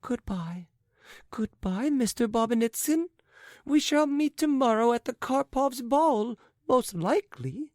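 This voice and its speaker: A woman's voice: fairly high pitch, lively intonation, unhurried, darkish tone, no room sound, clean studio sound. A woman voicing a flighty, chattering society lady in an audiobook. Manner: twittering, affected. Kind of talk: audiobook character reading.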